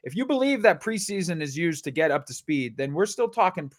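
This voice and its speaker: Lively, rambling man talking football. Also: on the high side, brisk. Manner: rambling, self-interrupting, joking. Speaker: fantasy football podcast co-host. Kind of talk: casual sports chat.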